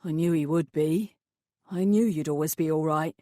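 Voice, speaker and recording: A quiet, subdued middle-aged father, nervous and full of guilt, as a woman puts him on in an audiobook. He speaks a little lower than the narration, close and dry. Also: moderate pace, no room sound, close to an everyday voice. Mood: tense.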